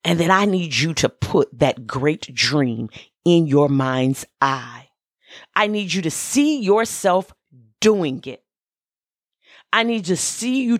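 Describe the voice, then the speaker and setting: A woman minister gives a motivational podcast talk in a low voice. She speaks slowly and deliberately, repeating her key lines and telling listeners exactly what to do. The sound is close and dry, with no room echo. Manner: emphatic, repeats key phrases, gives direct instructions.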